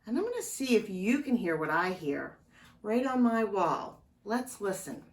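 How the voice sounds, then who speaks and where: A woman giving a slow, gentle lesson to young children as a librarian, talking straight to them. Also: medium pitch, sing-song, distant mic. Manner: slow, gentle, speaking directly to small children. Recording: echoey room, voice a bit off-mic. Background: clock ticking.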